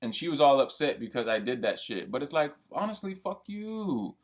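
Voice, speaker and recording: A man's voice: mid-range voice, lively intonation, normal speed. A young man ranting in a heated, profane, rambling monologue. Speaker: vlogger. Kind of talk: venting monologue.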